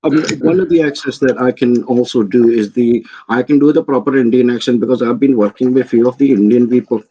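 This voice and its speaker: A man's voice: medium pitch, a little fast, mellow, husky, lo-fi sound. A man from England with an English accent, chatting casually and telling stories, often repeating words as he starts a sentence. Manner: storytelling, repeats his words when starting. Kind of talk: casual chat.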